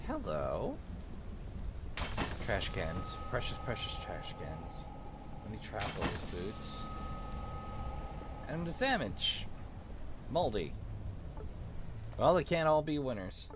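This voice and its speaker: A man's voice: medium pitch, huge pitch swings, slow pace, long pauses, noisy background. Man muttering through gameplay commentary. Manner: quiet muttered asides while reading menus. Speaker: let's play host.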